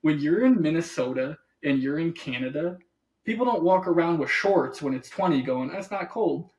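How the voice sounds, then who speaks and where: A man co-hosting a podcast in casual chat, animated, acting out what other people say and laughing often. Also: on the high side, moderate pace. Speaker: podcast co-host.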